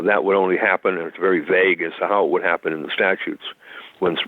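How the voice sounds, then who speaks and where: Low-voiced american lawyer guy explaining stuff step by step, tinny phone line. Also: no room sound. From United States. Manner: lecturing, methodical, with frequent restarts. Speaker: constitutional attorney guest. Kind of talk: explanatory interview talk.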